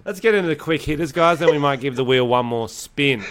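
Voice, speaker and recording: A man's voice: on the high side, normal speed, creaky, a bit bright. A young adult man with an Australian accent, co-hosting a casual podcast with crude, rambling, joking banter. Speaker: podcast co-host.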